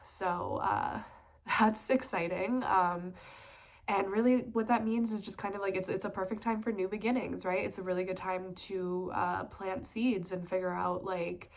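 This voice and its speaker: A lowish-voiced woman in her twenties, nose blocked by a cold, drifts through a casual vlog about tarot and astrology, using lots of fillers along the way.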